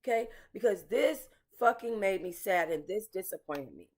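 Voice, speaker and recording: A woman's voice: medium pitch, lively intonation, normal speed. A woman hosting casual commentary, talking bluntly and emotionally to her viewers, swearing and calling them y'all. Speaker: commentary channel host.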